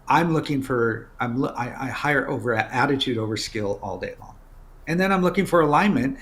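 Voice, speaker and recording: A middle-aged man, an executive guest in an interview, telling candid stories in a casual, animated way. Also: a little high. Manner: candid, storytelling, animated asides.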